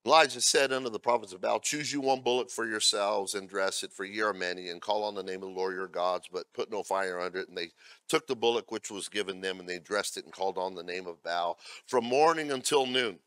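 A male pastor delivering a sermon, moving between loud scripture readings and blunt asides to the congregation. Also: fairly low pitch, fairly quick, no echo, studio quality. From America. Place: church.

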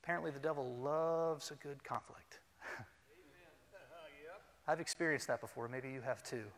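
A pastor delivering a sermon, animated and humorous, leading his congregation to speak along. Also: fairly high pitch, moderate pace. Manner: animated, humorous, leads the congregation in call-and-response. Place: church sanctuary. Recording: long reverb in a church hall.

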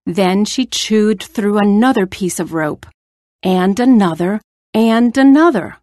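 A woman reading a children's story aloud in a clear, careful way. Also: mid-range voice, slow, dark tone, dry recording, studio quality. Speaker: story reader.

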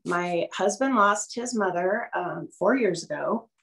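On a casual video call, a middle-aged guest gives a testimonial about her life, talking candidly though a bit nervously with fillers and soft laughs. Her voice is lowish, gravelly and fairly bright, a little slow, with lively intonation.

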